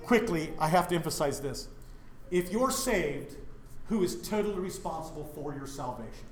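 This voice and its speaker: A man's voice: a little high, normal speed, reverberant, a little hiss or hum. A middle-aged man from Wyoming, a pastor teaching a Bible study in a church, who keeps asking his listeners questions. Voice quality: animated, questioning the audience.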